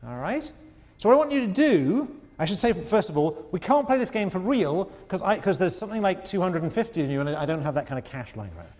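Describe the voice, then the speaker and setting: A man teaches a large university class, his voice high and swinging widely as he repeats himself and quizzes the room. The sound is dull and lo-fi, with a long echo from the lecture hall. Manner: animated, repeats words, questions the class.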